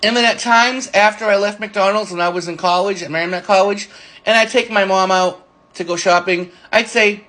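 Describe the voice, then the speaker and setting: A man in his forties telling rambling, halting stories about an old friend and coworker. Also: high-pitched, fairly even intonation, pushed and bright. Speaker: storyteller recalling a friend. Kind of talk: casual spoken reminiscence.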